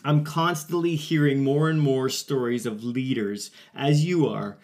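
He speaks at a measured pace with a medium pitch and a slightly mellow quality. A forties-aged podcast host on a casual solo episode, he relates a personal story earnestly, with lots of fillers and restarts.

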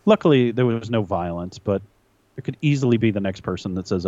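A man's voice: fairly low pitch, lively intonation, fairly quick, warm tone, no echo, highs cut off. A man co-hosting a podcast in casual chat, talking earnestly and restarting often as he makes a point. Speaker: podcast co-host.

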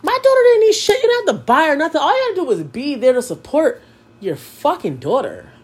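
A woman's voice: sits high, huge pitch swings, fairly quick. A young woman hosting a podcast, talking candidly and emotionally, swearing often and repeating herself as she vents. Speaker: podcast host. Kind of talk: candid personal podcast monologue.

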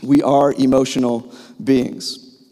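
A man's voice: medium pitch, level tone, takes it slowly, mellow. A man in his thirties preaching a sermon, telling a personal story with frequent fillers and restarts. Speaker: pastor. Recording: long hall reverb.

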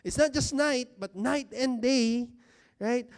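This preacher's voice is smooth and extremely high-pitched as he addresses a seated congregation in a church hall. He talks to them conversationally, poses rhetorical questions, and leans on important words by stretching them out slowly.

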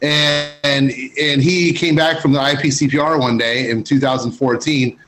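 A man's voice: mid-range voice, fairly even intonation, normal speed, fairly bright tone, rough recording. A middle-aged man, a guest cigar writer, chatting in a laid-back, slangy way and saying "man" often. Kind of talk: casual podcast chat.

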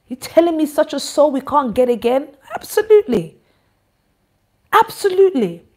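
A woman giving an informal church address, animated, teasing and scolding. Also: high voice, fairly quick. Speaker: church leader.

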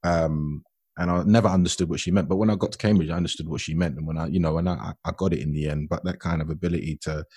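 Deep husky London man. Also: fast, dry recording, studio quality. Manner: animated storyteller, acts out voices in his anecdotes. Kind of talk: casual chat.

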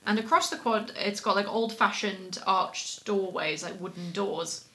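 A woman co-hosting a podcast, telling a story in rambling, animated casual chat. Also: mid-range voice, unhurried. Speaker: podcast co-host.

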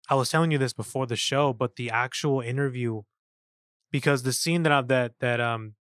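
A man co-hosting a casual film review podcast, excited and profane, acting out lines from scenes. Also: medium pitch, dry recording, clean studio sound. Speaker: podcast co-host.

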